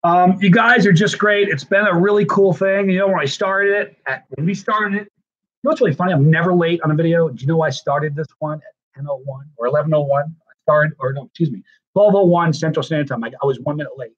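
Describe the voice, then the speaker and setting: This livestream host talks fast in a fairly high voice, sounding tired as he effusively thanks each viewer in turn. It's casual, rambling stream chat, captured in dull lo-fi audio.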